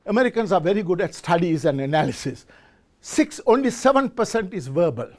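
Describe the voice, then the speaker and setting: His voice is high and brisk, with big swings in pitch. Addressing a live audience in an event hall, this middle-aged business forum speaker gives a motivational talk, quizzes listeners, and keeps restarting his words.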